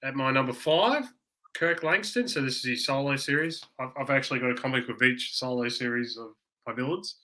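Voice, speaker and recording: Bright-voiced Australian male co-host. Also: mid-range voice, brisk. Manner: rambling and conversational. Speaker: podcast co-host. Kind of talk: casual podcast chat.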